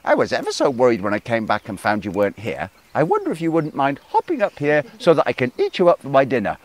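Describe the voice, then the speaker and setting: A man voicing a hungry female crow in a told folk tale, squawking in a very high voice. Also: huge pitch swings, fast. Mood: sweetly coaxing.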